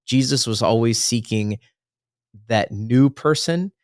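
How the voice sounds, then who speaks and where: A man's voice: medium pitch, slow, no echo, clean studio sound. Earnest man rambling on a faith podcast. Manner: earnest, rambling, self-correcting. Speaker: podcast co-host. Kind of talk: casual faith podcast chat.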